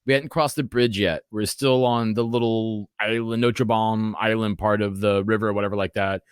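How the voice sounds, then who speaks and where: This podcast guest, a man in his forties with a lowish, clean-toned voice, tells meandering, expletive-filled stories at a moderate pace, animating them as he goes in casual fashion. The studio recording has no room sound.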